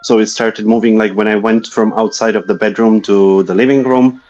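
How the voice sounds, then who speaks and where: Male podcast guest, lower voice, halting storyteller who keeps searching for words. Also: flat delivery, darkish tone, lo-fi sound. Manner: hesitant, searching for words, many fillers. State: a little shaky from reliving memories. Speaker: guest telling ghost experiences. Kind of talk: casual storytelling.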